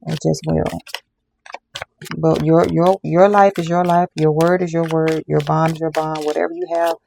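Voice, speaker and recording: Gravelly tarot reader talking emphatically. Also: medium pitch, level tone, normal speed, darkish tone, slight background noise. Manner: emphatic and repetitive, addresses viewers as y'all. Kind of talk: casual tarot card reading to viewers.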